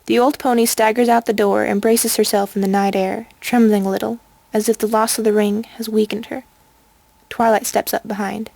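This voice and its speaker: A woman reading a storybook aloud in an even, measured way. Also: mid-range voice, creaky, dry recording. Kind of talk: storybook narration.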